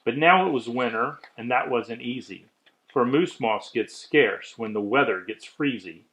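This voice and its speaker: A man reading a rhyming children's story aloud with measured, expressive delivery. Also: mid-range voice, rough recording.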